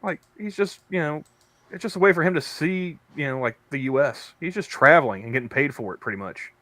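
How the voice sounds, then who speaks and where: A man's voice: on the high side, animated, fairly quick, bright, forceful tone, dry recording. A man co-hosting a casual podcast chat, rambling through stories with many restarts. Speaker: podcast co-host; convenience store worker.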